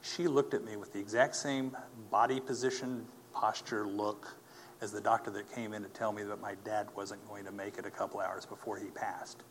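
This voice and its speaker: Man, lower register, earnest personal testimony with halting delivery, faint noise in the background. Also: flat delivery. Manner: earnest, halting, with many fillers and restarts. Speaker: speaker telling his testimony.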